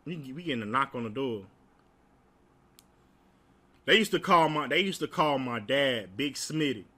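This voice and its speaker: A man's voice: medium pitch, expressive, normal speed, sharp tone. A young man from Alabama, telling profane, laugh-filled stories in a casual way. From Alabama, United States. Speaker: storyteller. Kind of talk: casual storytime.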